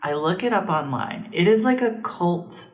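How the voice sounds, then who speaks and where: A woman's voice: fairly low pitch, expressive, moderate pace, faint music behind. A woman in her late thirties co-hosting a casual chat, telling meandering stories. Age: late 30s. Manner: chatty, meandering storyteller. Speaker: co-host.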